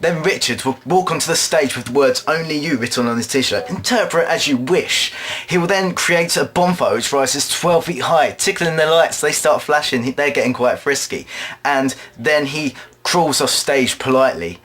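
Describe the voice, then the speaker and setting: A man performing an absurd comic monologue, rambling along in a deadpan way and now and then putting on quick voices. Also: mid-range voice. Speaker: drama student performer.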